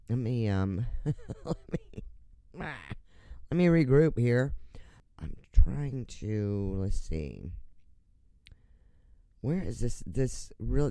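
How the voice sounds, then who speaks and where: A laid-back man runs his own radio show, drawling slowly in a smooth, resonant voice. He rambles, swears often and laughs at his own slips. The sound is dry and close, with no room around it. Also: on the low side, dark tone, no echo. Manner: profane, rambling, laughing at himself; drinks on air. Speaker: online radio show host. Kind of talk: casual radio banter reading listener messages.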